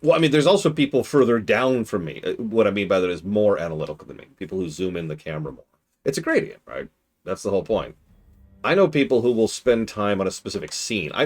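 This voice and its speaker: Streamer, male, low voice with big swings in pitch, chatty and mock-exasperated between muttered game asides. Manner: animated, mock-exasperated asides, mutters to himself while playing. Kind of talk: casual chat while playing a strategy game.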